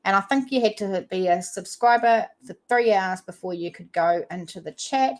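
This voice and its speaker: At a moderate pace and medium pitch, a New Zealand woman with a local accent hosts a relaxed livestream chat. She reads her viewers' comments aloud.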